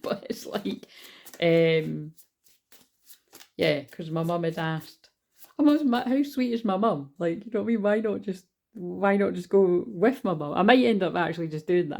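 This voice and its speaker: A woman's voice: fairly low pitch, vocal fry, a little mellow. A Scottish woman giving a casual, rambling spiritual card reading, chatty and swearing now and then.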